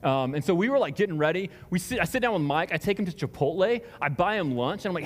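Man, pastor, slightly high voice, rambling, self-deprecating, casual sermon, long hall reverb. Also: expressive, fast talker, few pauses. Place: large church hall before a congregation.

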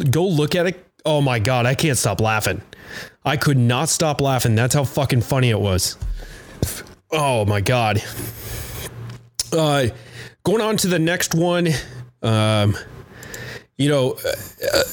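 A man hosting his own podcast, ranting loosely with lots of swearing, fillers and restarts. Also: mid-range voice. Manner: loose, profane and halting, with many fillers and restarts. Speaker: podcast host. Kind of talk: profane political rant.

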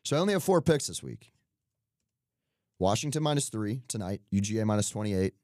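Young man, very low voice, dry close sound, casual sports betting chat, joking. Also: expressive, darkish tone, no room sound. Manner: loose, joking, quick asides. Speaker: podcast co-host.

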